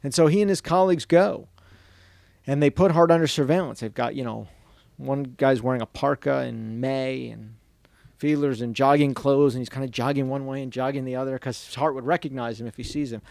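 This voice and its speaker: A man speaking to an audience at a bookstore event, telling a story in a lively way and dropping to a hushed voice when he quotes people. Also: medium pitch, brisk, creaky, no room sound, clean studio sound. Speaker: author giving a book talk. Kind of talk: storytelling book talk.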